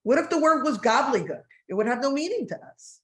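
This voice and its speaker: A woman in her forties from New Jersey, a guest author in a casual interview, animated and laughing with quick asides. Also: high-pitched.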